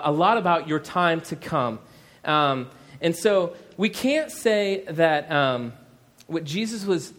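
Man in his thirties, pastor delivering a sermon; relaxed conversational delivery with a slightly high voice. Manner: conversational, with many fillers and asides.

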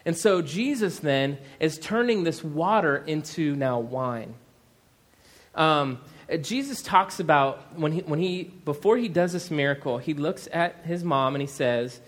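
A man's voice: a little high, moderate pace, fairly bright tone. A man in his thirties, a pastor, preaching a sermon in a conversational way with many fillers and asides.

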